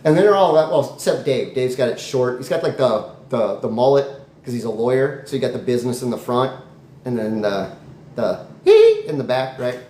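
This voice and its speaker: A man improvising a comic story in a rambling, animated way with jokey asides. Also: medium pitch, moderate pace. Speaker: comedy storyteller. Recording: echoey room, faint noise.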